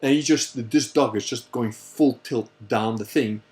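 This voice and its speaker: A man with a middle-pitched voice hosts a laid-back Q&A livestream. He tells stories in a rambling, animated way, with plenty of swearing and many restarts. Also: measured pace. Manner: rambling, profane, animated storyteller. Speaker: host answering viewer questions. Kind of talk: casual livestream Q&A storytelling.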